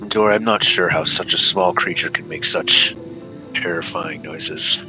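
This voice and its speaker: A man voicing a gruff, sarcastic male adventurer who chain-smokes, talking dryly and dismissively in an online tabletop game. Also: low-pitched, unhurried, over music, low-quality recording. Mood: mocking. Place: home, online voice chat.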